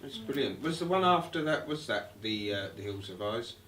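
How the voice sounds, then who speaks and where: A man's voice: mid-range voice, expressive, normal speed, a crowd in the background. A man interviewing an actor, asking short questions and offering brief agreeable interjections. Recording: distant, echoey, very noisy.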